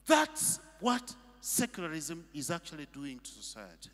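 High, lively preaching man in an echoing hall. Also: moderate pace. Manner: emphatic preaching with rhetorical questions. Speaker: pastor. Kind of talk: sermon. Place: church hall. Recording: long reverb of a hall.

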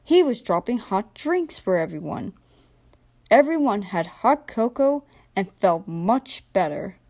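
A young woman narrating a children's train storybook in a gentle, expressive read-aloud manner. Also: medium pitch, a little slow. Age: young adult. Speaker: storybook reader.

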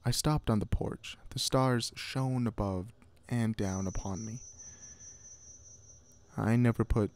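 A man giving a scripted horror story narration in a measured, hushed way. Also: on the low side.

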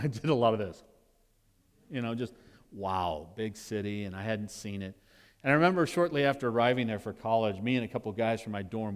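A man from Nevada preaching a sermon as pastor, animated in his storytelling, swinging between loud exclaims and hushed asides before a congregation. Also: fairly low pitch. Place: church sanctuary with congregation. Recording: long hall reverb in a church.

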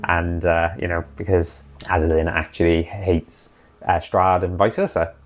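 A man recapping his tabletop campaign as dungeon master, in a chatty, animated way. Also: sits low, measured pace.

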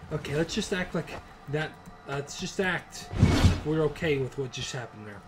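A young man playing a horror game and rambling sarcastically to viewers, with lots of fillers and swearing, recorded at home. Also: a little high. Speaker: gaming YouTuber. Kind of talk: horror game let's play commentary. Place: room in a shared home.

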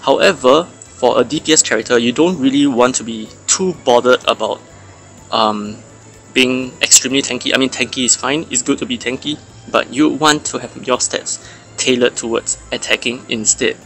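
A man's voice: medium pitch, normal speed, a bit bright, soft background music. A man hosting a mobile game channel, chatting casually and analytically about characters and stats, with fillers and restarts.

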